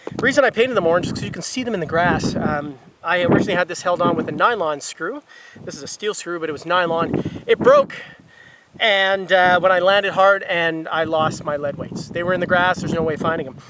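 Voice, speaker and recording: On a hilltop, a man who pilots RC gliders and vlogs explains his hobby step by step in a casual tips video, using plenty of fillers. His voice is high-pitched, lively, and fairly quick, and the outdoor camera mic picks up wind noise.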